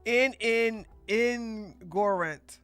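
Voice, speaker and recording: A woman speaks very slowly in a high, smooth, fairly bright voice over soft background music. Hosting a livestream podcast, she delivers blunt casual commentary, laughs frequently and reads viewer donations aloud.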